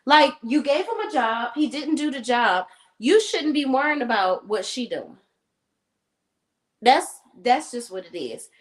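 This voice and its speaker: Lively, animated woman recapping TV. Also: sits high, a little slow, poor audio. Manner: animated storytelling, acts out characters' lines. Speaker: co-host recapping a TV episode. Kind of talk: casual chat with profanity. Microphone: remote stream setup.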